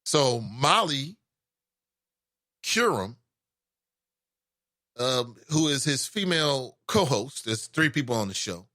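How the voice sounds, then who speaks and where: A man hosting a call-in talk show, giving casual commentary with an animated delivery that swings from loud emphasis to low asides. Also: takes it slowly, pauses often, dry recording, clean studio sound.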